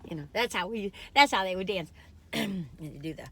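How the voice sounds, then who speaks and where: A woman's voice: mid-range voice, normal speed, gravelly, pushed and bright, slight background noise. A middle-aged woman chatting casually while taste-testing food, rambling and giggling as she goes. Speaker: food reviewer.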